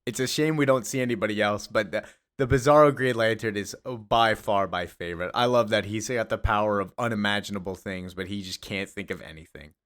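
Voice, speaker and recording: A man's voice: fairly low pitch, fairly quick, fairly bright tone, clean tone. A man casually recapping a comic book, chatty and amused, with a loose, filler-heavy way of talking. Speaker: comics video creator.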